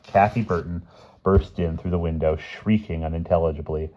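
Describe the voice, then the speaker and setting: A man reading a children's storybook aloud in a lively, expressive way. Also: sits low, normal speed, highs cut off. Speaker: audiobook reader. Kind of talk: storybook narration.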